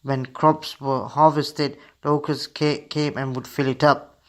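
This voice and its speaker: A man's voice: on the high side, takes it slowly. Male radio storyteller for children. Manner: steady reading aloud with slips.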